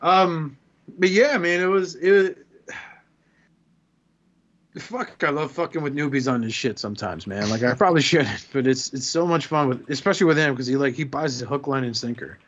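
A man's voice: mid-range voice, fairly quick, a bit bright, highs cut off. A man co-hosting a podcast in casual chat, telling rambling profane stories and acting out quotes. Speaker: podcast co-host.

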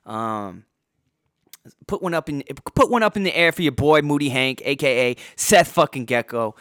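A man's voice: medium pitch, animated, moderate pace, a bit bright, dry recording, studio quality. A man hosting a podcast, ranting heatedly and swearing constantly, with a sore throat and a worn-out voice. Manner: heavily profane, heated ranting. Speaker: podcast host. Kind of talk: angry podcast rant.

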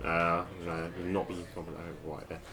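A man's voice: sits low, flat delivery, normal speed, bright, forceful tone. A man playing a tabletop game, cracking jokes and laughing often in a casual way. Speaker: player.

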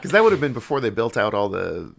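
A man who plays in a band, guesting on a radio show and talking in a low-key, dry way. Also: big pitch swings, fast, gravelly, a little hiss or hum. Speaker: guest musician. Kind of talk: casual interview chat.

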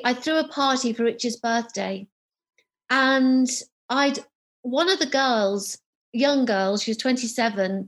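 Animated woman, higher voice. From United Kingdom. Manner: animated, acts out remembered dialogue. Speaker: author and psychotherapist guest. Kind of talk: personal storytelling in an interview.

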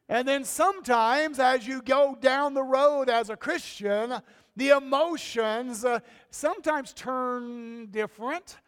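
A man's voice: extremely high pitch, fairly bright tone, in a large hall. A male pastor delivering a folksy, emphatic sermon, his voice rising sharply on key points. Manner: folksy, emphatic preaching with sudden rises.

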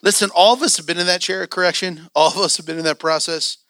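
A man preaching in a church, telling a story in a lively sermon style with acted-out quotes. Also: high-pitched, fast talker, smooth, dry recording, clean studio sound. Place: church sanctuary.

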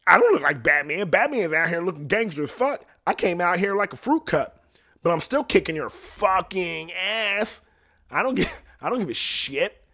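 Brash boastful male hero voice, pitched up and loud, a man putting it on mid-chat. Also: sing-song, moderate pace, exaggerated voice. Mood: cocky. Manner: boastful, swaggering. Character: cocky young male superhero, brash and boastful.

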